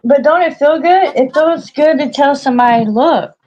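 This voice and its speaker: A woman's voice: sits high, moderate pace, darkish tone, a little hiss or hum. A woman in casual chat, talking freely with many fillers, acted-out quotes and frequent laughs. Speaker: co-host. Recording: dull lo-fi audio.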